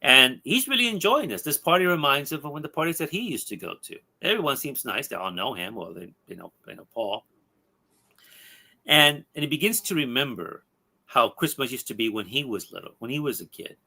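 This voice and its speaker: A man hosting a podcast, retelling a comic book story in an animated way and checking in with his listeners. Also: medium pitch, fairly quick, breathy edge. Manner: animated storyteller with tag questions. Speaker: podcast host.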